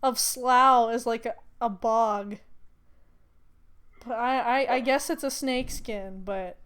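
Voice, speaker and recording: Slow-talking high-voiced giggly woman. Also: fairly even intonation, a bit bright, slight background noise. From United States. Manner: giggly, laughs often while talking. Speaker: podcast co-host. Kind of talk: casual chat, reading comments aloud.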